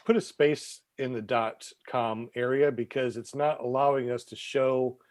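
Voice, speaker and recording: A man's voice: mid-range voice, fairly even intonation, measured pace, darkish tone. A man hosting a podcast who keeps an eye on the live chat while talking casually. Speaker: podcast host.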